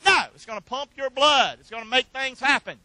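A pastor delivers his sermon in a high, bright voice, coaxing the congregation to say lines back with him. He rises to loud, emphatic calls, then drops into quiet asides, all captured dry and close. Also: fairly quick, no room sound, rough recording. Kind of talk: sermon with call and response.

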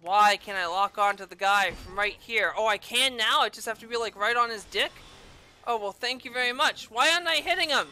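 A young woman streaming a game and commenting crudely and excitably, yelping and swearing as she plays. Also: fairly high pitch, a little fast, a little hiss or hum. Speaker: gaming streamer. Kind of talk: profane let's-play commentary.

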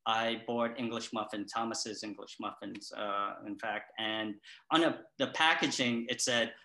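A man, middle-aged or older, with a bright, forceful voice, tells his troubles in a rambling, deadpan way. He stumbles and restarts often. The room around him is echoey. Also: on the low side, creaky. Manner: rambling, halting, with many restarts. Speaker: patient in a comedy sketch. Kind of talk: deadpan comic storytelling.

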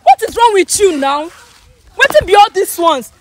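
A Nigerian woman in a comedy skit, shouting exasperated questions over and over. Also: very high-pitched, big pitch swings, normal speed, a little hiss or hum. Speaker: skit actor.

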